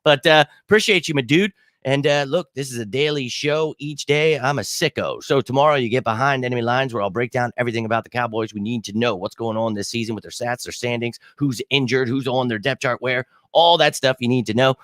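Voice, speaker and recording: Hosting a live sports stream, a man in his 30s talks fairly quickly in a middle-pitched voice, excitable and casual. Expect free swearing and fillers like "uh" and "you know"; the audio is dry and close, without echo.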